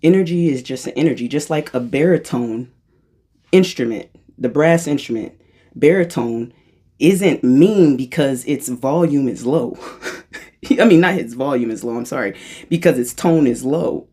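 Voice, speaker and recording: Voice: expressive, a little slow, warm tone, breathy edge. Spiritual channeler for a loose freestyle talk: rambling, self-correcting, joking at their own expense, mid-range voice. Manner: playful and self-mocking, jumps into high-pitched voices for quotes; rambling, restarts and corrects itself.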